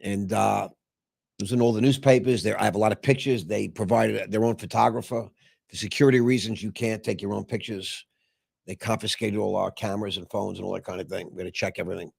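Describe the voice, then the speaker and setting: Gravelly man telling a rambling story. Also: on the low side, fairly even intonation, a little mellow, no room sound. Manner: rambling, with many filler pauses. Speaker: show host. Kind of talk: casual storytelling.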